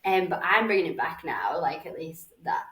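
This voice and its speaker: A woman's voice: lowish voice, expressive, normal speed, a bit bright. A woman in her forties with a Northern English accent, telling a dating story as a podcast guest in a chatty, sweary way. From Northern England. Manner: chatty, swearing, acts out voices. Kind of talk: casual chat, storytelling. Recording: roomy, slightly distant mic.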